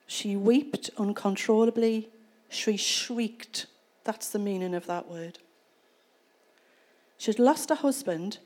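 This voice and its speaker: Warm-voiced woman giving a sermon. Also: mid-range voice. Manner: conversational storytelling, reads scripture then explains it. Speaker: preacher. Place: church.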